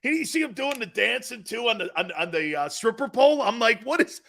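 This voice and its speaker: A man's voice: very high-pitched, animated, brisk, gravelly, fairly bright tone. A man from Connecticut hosting a sports talk show, blunt and mocking as he reads viewer comments and rants.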